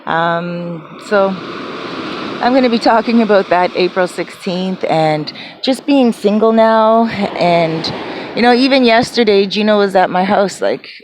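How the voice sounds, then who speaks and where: A woman's voice: medium pitch, background noise. A woman vlogging from her small apartment, telling a rambling story full of fillers and restarts. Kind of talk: casual chatty storytelling.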